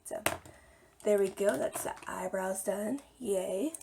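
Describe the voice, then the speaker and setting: A young woman, slightly hoarse today, chatting casually through a makeup tutorial as she applies it. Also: mid-range voice, slow pace, noisy background. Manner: chatty, talks while applying makeup. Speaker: beauty vlogger.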